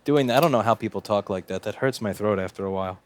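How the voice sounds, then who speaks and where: A man's voice: on the low side, fast, a little hiss or hum. A man in his late twenties, hosting a casual livestream while doing repair work, chatting in a sarcastic, joking, rambling way. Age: late 20s. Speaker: repair technician and stream host.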